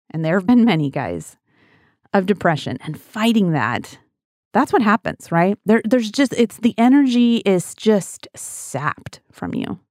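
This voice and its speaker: Middle-aged woman, devotional Bible teacher, earnest and chatty, mid-pitched voice, dry close recording. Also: dry recording. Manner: earnest, conversational, addresses listeners as guys.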